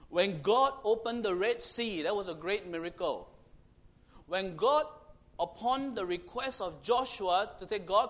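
A man with a high-pitched voice preaches a sermon. He moves between booming proclamations and hushed, close passages, and drives his points home by repeating phrases. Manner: swings from loud proclaiming to hushed intimate tones; repetitive, emphatic phrasing.

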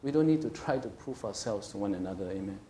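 A man's voice: on the low side, lively intonation, fast, dark tone. A middle-aged man preaching a sermon as a pastor, conversational and emphatic, often checking in with his listeners. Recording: echoey room.

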